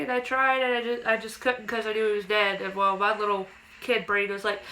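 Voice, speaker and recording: Bright-voiced young woman telling a story. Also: medium pitch, a little fast, poor audio. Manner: animated, acts out quotes in a raised childlike voice. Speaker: vlogger telling a personal ghost story. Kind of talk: casual storytelling to camera.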